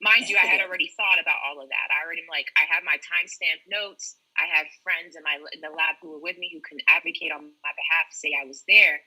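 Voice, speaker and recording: A woman medical student speaks on a casual podcast panel. Her voice sits low but sounds bright and edgy, with a breathy grain. She tells her story candidly and with strong feeling. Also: steady tone, fast, hardly any pauses, rough recording.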